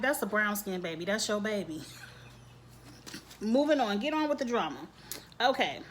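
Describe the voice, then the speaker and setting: A woman's voice: mid-range voice, a little hiss or hum. Sassy woman recapping a TV episode. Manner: sassy, animated, laughs often. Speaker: TV show reviewer. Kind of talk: casual recap and commentary.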